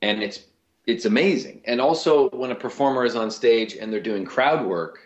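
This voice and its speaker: A man, a voice actor and comedian, telling stories in a casual interview with lively restarts. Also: medium pitch, moderate pace, roomy sound, lo-fi sound. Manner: animated storyteller, lots of restarts.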